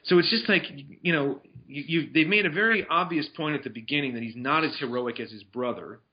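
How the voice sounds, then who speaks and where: A man with a fairly high-pitched voice talks briskly about films he has seen, reviewing them casually. His chat is rambling, with restarts and fillers, and the sound is dull and lo-fi.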